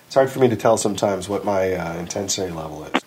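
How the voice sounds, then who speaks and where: A man's voice: deep voice, animated, fast talker, background noise. A man co-hosting a podcast in casual chat, hesitant and self-correcting with dry remarks. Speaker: podcast co-host.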